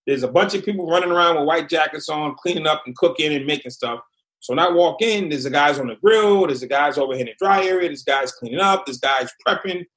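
Brief: middle-aged man, slightly high voice, lively first-person storytelling guest. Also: fast talker. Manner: animated storyteller, acts out quotes. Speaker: podcast guest. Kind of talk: storytelling interview.

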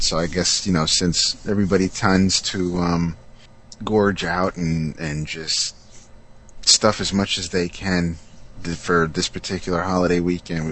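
A man's voice: deep voice, gravelly, a bit bright, a little hiss or hum. A man co-hosting a podcast, chatting casually and often stumbling over repeated words. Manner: halting, repeats words as he talks. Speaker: podcast co-host.

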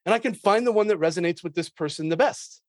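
A man's voice: high-pitched, fast talker, no echo, studio quality. A man who hosts a sales show, talking energetically in an interview, laughing often and acting out his cold-call lines. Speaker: sales podcast host and guest. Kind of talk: conversational interview.

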